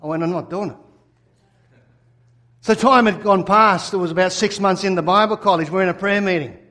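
A pastor telling a personal story in a sermon, animated and acting out his own replies. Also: sits high, brisk.

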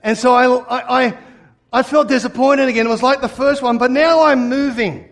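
A pastor telling a personal story in a sermon, animated and acting out his own replies. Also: extremely high pitch, normal speed.

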